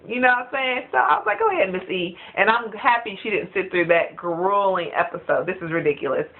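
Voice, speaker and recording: A woman chatting in a casual review vlog, gossipy and animated, laughing often. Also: mid-range voice, fairly quick. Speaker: reality TV reviewer. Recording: tinny phone-like sound.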